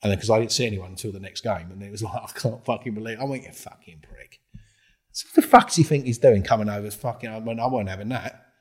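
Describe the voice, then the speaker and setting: A racing, low and husky voice belongs to an English ex-undercover policeman appearing as a guest in a laid-back storytelling interview. He's a loose raconteur who swears a lot and slips into animated impressions of other people's words.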